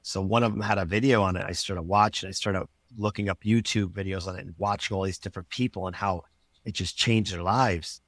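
Earnest low-voiced man telling his story. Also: fairly even intonation, brisk, fairly bright tone, dry recording. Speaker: podcast guest. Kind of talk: personal story in conversation.

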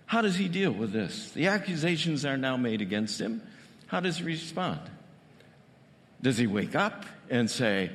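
Animated, bright-voiced male pastor preaching. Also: mid-range voice, measured pace, in a large hall. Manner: animated, conversational, asks rhetorical questions. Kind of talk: sermon.

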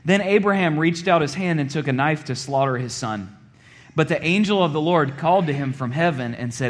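A man preaching a sermon in a conversational way, often checking in with the congregation and dropping low and quiet for dramatic moments. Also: lively intonation, normal speed.

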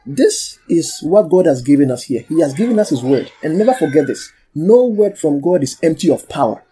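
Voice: mid-range voice, big pitch swings, normal speed, mellow, a little hiss or hum. A pastor preaching and teaching from the Bible, repeating key phrases for emphasis, calling for amens and asking the congregation to read aloud. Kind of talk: sermon and Bible study.

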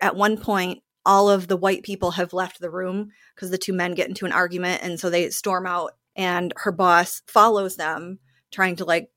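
This interview guest, an actor in the play, has a slightly low, somewhat bright voice. She narrates with animation in a casual conversation and now and then performs others' lines, all captured in a dry, close recording.

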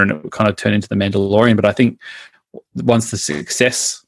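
A man's voice: lowish voice, fairly quick, gravelly, no room sound. An Australian man co-hosting a podcast in casual, rambling chat with frequent restarts. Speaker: podcast co-host.

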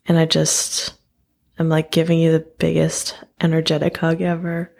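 A woman from the United States, speaking in a casual podcast chat and effusively affirming the other person with warm praise. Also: low-pitched, completely flat delivery, normal speed, gravelly. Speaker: podcast co-host.

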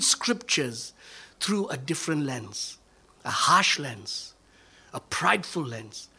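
A man delivers a sermon in a high, slightly husky voice. He works through rhetorical questions and repeated short phrases. His lines sink to near whispers and then rise to forceful, emphatic calls. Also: big pitch swings, slow. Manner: repetitive, rhetorical questions and answers. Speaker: pastor.

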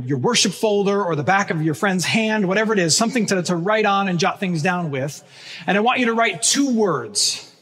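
A man preaching a sermon as pastor, earnest and emphatic, slowing down to stress key phrases. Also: high voice, a bit bright, slightly rough. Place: church sanctuary. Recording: long church reverb.

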